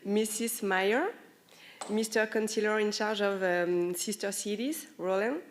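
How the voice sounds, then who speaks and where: A woman with a French accent, a deputy mayor, giving a formal ceremony speech in a friendly, halting way. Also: mid-range voice, steady tone, a little hiss or hum. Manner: friendly, halting, laughs between phrases.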